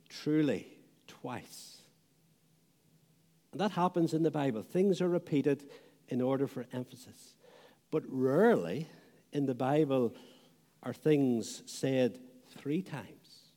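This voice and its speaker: Male preacher, sermon delivery, very unhurried, warm low tone, phrases fading at the end; hall echo. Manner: slow and deliberate, trailing off softly at phrase ends. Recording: long hall reverb.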